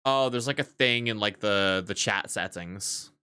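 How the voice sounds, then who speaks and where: Casting: male streamer, bright, forward tone, profane chatty barista storyteller. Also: fairly low pitch, measured pace, clear, resonant tone. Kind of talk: casual livestream chat.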